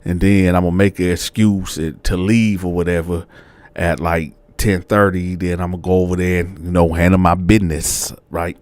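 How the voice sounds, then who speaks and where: A man's voice: deep voice, normal speed, no room sound. A man casually telling a story to his viewers in slangy, colloquial speech, addressing them as y'all. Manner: animated, addresses audience as y'all. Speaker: storyteller host.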